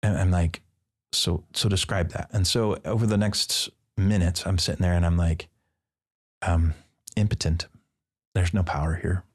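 A man's voice: sits low, fairly even intonation, normal speed. A man, a priest and podcast guest, telling a personal story in casual conversation and acting out the dialogue with playful asides. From Midwestern United States.

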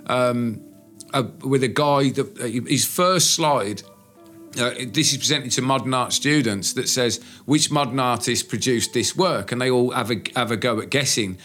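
A man's voice: medium pitch, moderate pace, a bit bright, soft background music. A man co-hosting a casual podcast chat, speaking bluntly, swearing freely and breaking into rants. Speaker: podcast co-host.

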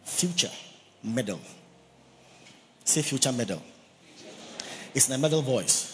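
A man's voice: medium pitch, lively intonation, unhurried, a bit bright, a little hiss or hum. A man preaching a sermon, emphatic, who repeats key words and has the congregation say phrases after him. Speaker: pastor. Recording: long reverb of a large hall.

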